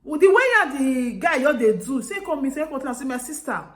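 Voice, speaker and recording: A woman with a Nigerian Pidgin accent telling a story casually to her viewers, lively, acting out the people she quotes and often laughing. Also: high voice, fast. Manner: animated, acts out quoted voices with laughter. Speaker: vlogger. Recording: roomy echo.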